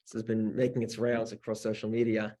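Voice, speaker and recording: A man's voice: on the low side, completely flat delivery, fairly quick, dark tone. A man, a rabbi, teaching a class by telling a story conversationally, with frequent restarts. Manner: conversational, with many restarts and "you know". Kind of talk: storytelling lesson.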